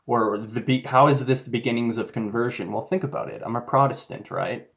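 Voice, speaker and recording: A man's voice: mid-range voice, expressive, brisk, creaky, fairly bright tone. A man telling a personal faith story in a casual, rambling way, with fillers and restarts. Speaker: YouTuber.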